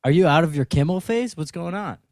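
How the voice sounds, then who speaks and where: A man's voice: a little high, a little fast, no room sound, studio quality. A young man in his twenties co-hosting a podcast, telling stories in casual banter and laughing often. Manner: animated storytelling, laughs often. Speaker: podcast co-host.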